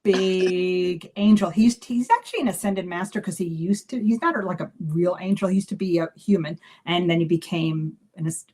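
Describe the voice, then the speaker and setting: A psychic medium chatting on a live video, telling animated stories with lots of restarts and fillers. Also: female voice, fairly low pitch, moderate pace, hardly any pauses. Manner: animated storyteller acting out dialogue. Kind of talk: casual live video chat.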